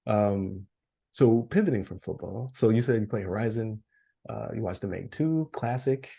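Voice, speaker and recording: A man's voice: lowish voice, moderate pace, creaky, warm tone, slightly rough. A man co-hosting a podcast in casual chat, losing his voice, rambling with fillers and frequent laughs. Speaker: podcast co-host.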